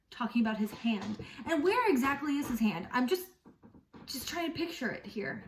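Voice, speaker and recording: A woman's voice: fairly high pitch, big pitch swings, normal speed, reverberant, far from the mic. A woman giving a casual book review in a wry, puzzled way.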